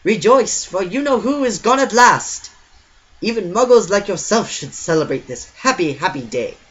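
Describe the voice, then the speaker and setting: A man voicing a tiny, jubilant old man in a violet cloak, with a squeaky, gushing voice. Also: lively intonation, moderate pace, fairly bright tone. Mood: ecstatic. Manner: gushing and overjoyed. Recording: muffled lo-fi with faint hiss.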